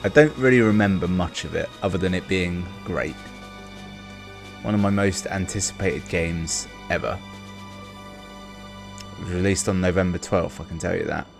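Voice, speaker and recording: Man, low voice, gravelly, casual game commentary, faint music behind. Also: normal speed, long pauses. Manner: rambling, wry asides. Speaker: let's play host.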